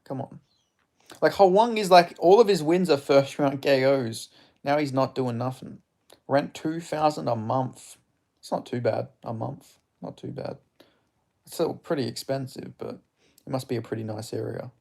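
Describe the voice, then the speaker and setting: Hosting a live fight stream, this young man has a creaky, gravelly voice at mid pitch with a darkish tone, and he talks at a moderate pace. His chat is loose and spontaneous: he reacts to the strikes, reads and answers viewer messages, and curses without restraint.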